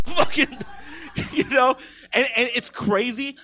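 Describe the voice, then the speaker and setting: Bright-voiced young man telling crude stories. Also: very high voice, a little slow. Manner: animated, crude, laughs at his own jokes. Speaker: comedian telling a story. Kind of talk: profane stand-up storytelling. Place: live comedy theater stage.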